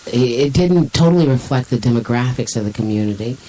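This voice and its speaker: A woman's voice: a bass voice, expressive, quick pace, mellow, low-quality recording. Teasing talk-show woman. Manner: teasing, talkative, reads aloud. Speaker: co-host. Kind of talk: casual banter.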